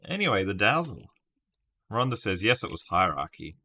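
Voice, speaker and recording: A man's voice: fairly low pitch, big pitch swings, normal speed, sharp tone. A man casually live-streaming a word puzzle, thinking aloud over his guesses and chatting with viewers by name. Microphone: webcam stream setup.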